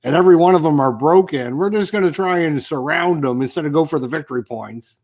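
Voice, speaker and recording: A man's voice: a little high, quick pace, darkish tone. A man co-hosting a casual wargaming chat, teasing the host and mimicking him. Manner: teasing, mocking imitations.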